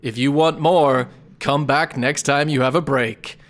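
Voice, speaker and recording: A game master voicing a brisk female hobgoblin who hosts a show, with a smooth showbiz sign-off. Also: mid-range voice, fairly even intonation, close to an everyday voice.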